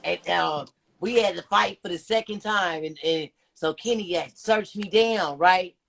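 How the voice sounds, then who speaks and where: A woman on a podcast, telling stories in a brash, profane, animated way as a guest. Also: fairly low pitch, measured pace, gravelly. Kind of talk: casual storytelling chat.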